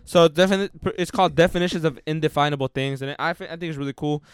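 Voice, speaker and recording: A man's voice: fairly high pitch, very fast, clean tone. A young man co-hosting a casual podcast chat, rambling and swearing as he retells a book he's reading. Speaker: podcast co-host.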